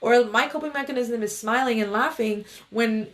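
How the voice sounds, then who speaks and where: A woman's voice: on the high side, moderate pace. A woman meditation coach talking casually to viewers on a livestream, in a loose, chatty way with many fillers.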